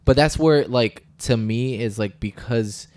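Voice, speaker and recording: Halting man in casual podcast chat. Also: medium pitch, a little mellow. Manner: halting, restarts often, laughs easily. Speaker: podcast co-host.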